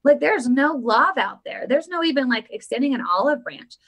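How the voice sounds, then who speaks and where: A woman with a voice pitched a little high hosts a casual live stream about politics. She talks in an animated, emphatic way and keeps repeating her points for effect. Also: normal speed, dull audio. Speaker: political commentary vlogger.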